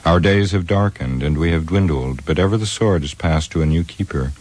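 A grave male ranger speaks slowly and solemnly, his voice extremely deep and steady. A man reads him in an audiobook. The delivery is measured, with weight on every phrase. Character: weathered grave male ranger, heir of kings. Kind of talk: audiobook character reading.

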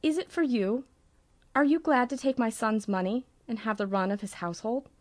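A woman voicing a composed, coolly polite woman with a flat, unchallenging delivery. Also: fairly high pitch, normal speed, close to an everyday voice.

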